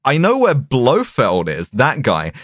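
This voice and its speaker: A man's voice: mid-range voice, unhurried, no echo, clean studio sound. A man co-hosting a podcast, retelling a film in casual, swearing chat. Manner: animated storytelling, swears freely. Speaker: podcast co-host.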